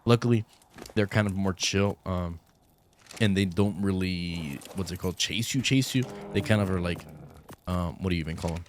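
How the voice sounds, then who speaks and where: This is a young man with a low voice, chatting loosely over his gameplay with lots of "um" and "like". He still sounds groggy from just waking up, and a faint hiss runs under the desk-mic recording. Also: steady tone, moderate pace. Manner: rambling, many fillers, easygoing. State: groggy morning voice. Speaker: gaming YouTuber. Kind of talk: casual let's-play commentary.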